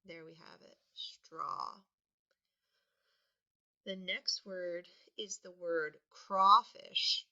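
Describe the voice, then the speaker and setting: Woman teacher, slow patient spelling lesson, gravelly edge, dull lo-fi recording. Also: on the low side. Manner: patient, sounds words out and stresses them loudly.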